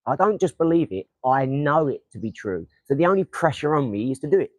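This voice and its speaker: A man's voice: on the high side, very animated, brisk, hardly any pauses, no echo, rough recording. A young man with an Essex accent chatting to viewers on a casual livestream, rambling, swearing and throwing darts as he talks. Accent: Essex English. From England. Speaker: livestream host. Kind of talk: casual motivational livestream chat.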